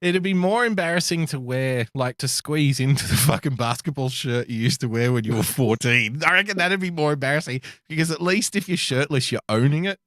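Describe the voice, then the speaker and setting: A man's voice: mid-range voice, a little fast, few pauses, a bit bright, no room sound, studio quality. An Australian man co-hosting a podcast, teasing his friend with laughing, sweary banter. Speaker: podcast co-host. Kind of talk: casual chat.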